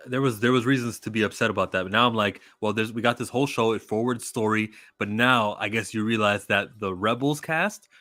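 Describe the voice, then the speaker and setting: A man's voice: lowish voice, brisk, few pauses, bright, forceful tone, no room sound, studio quality. A man talking as a guest in a casual chat, joking.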